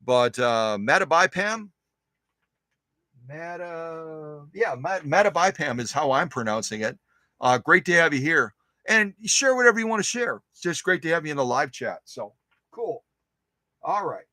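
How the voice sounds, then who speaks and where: Man, live stream host, casual chat, rambling and upbeat, slightly high voice, dry close sound. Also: very animated, a little slow, pushed and bright, no echo. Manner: rambling and upbeat, repeats himself, many filler uhs. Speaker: host of a vintage sewing machine live stream.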